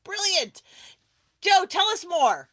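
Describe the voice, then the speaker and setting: A woman's voice: very high-pitched, big pitch swings, takes it slowly, fairly bright tone, dry recording. A woman hosting a live online awards broadcast, chatty and enthusiastic, laughing often as she talks over a video call. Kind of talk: casual live-stream hosting.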